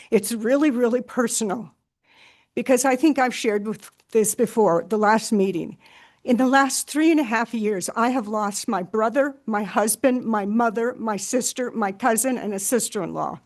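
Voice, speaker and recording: An older retired woman giving an impassioned, frustrated public comment at a meeting, halting and restarting as she speaks. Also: on the high side.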